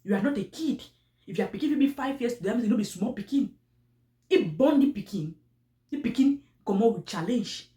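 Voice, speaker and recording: Animated woman with Cameroonian Pidgin English accent. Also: on the high side, brisk, echoey room. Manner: animated, repetitive, with pidgin phrasing and frequent restarts. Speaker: commentary vlogger. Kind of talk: casual commentary on online personalities.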